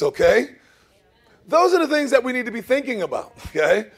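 Male pastor, middle-aged, high voice, emphatic sermon delivery, frequent "okay?" check-ins. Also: very animated, normal speed, husky. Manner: emphatic, repeats "okay?" and "amen?"; swings between loud emphasis and soft asides.

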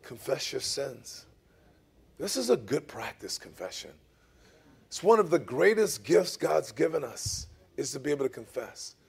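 A middle-aged man preaching a sermon, emphatic, swinging between loud emphasis and soft asides, often checking in with "okay?" and "amen?". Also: mid-range voice, big pitch swings, unhurried, vocal fry, slightly rough. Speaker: pastor.

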